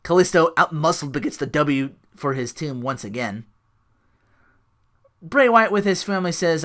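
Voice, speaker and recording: A man's voice: a little high, animated, moderate pace, long pauses, a bit bright. A man hosting a solo podcast, recapping a wrestling show in a rambling way full of likes and restarts. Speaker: podcast host.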